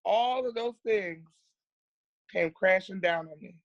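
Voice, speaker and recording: A woman's voice: medium pitch, slow pace, dry recording, highs cut off. An earnest woman speaks as a guest on a podcast. She tells her story candidly and plainly. She often repeats words to stress them.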